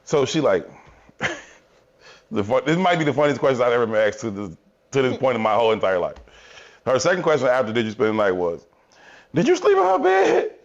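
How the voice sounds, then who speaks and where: A man, co-hosting a podcast and telling animated, profane stories in casual chat. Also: mid-range voice, fairly quick, long pauses. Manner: animated storyteller, profane, acts out quotes. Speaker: podcast co-host. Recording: dull lo-fi podcast audio.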